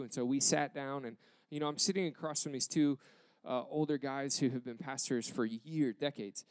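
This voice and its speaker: A young American man, a pastor, telling a story in a sermon with animated acted quotes. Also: mid-range voice, normal speed, clean tone, no echo. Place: church campus.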